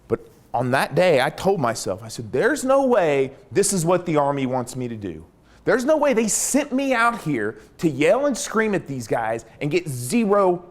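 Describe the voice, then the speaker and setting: A middle-aged man, a former army interrogator, telling a story from his service and acting out the dialogue. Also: mid-range voice. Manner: animated storyteller, acts out dialogue. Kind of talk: storytelling talk.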